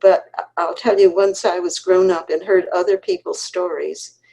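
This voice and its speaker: A woman in her eighties from Connecticut, an author recalling her family's story in an unhurried, earnest way over a video call, with pauses and restarts. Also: fairly low pitch, fairly even intonation, creaky, dark tone, breathy edge, poor audio. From Connecticut, USA. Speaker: author, interview guest. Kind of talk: reminiscing conversational storytelling.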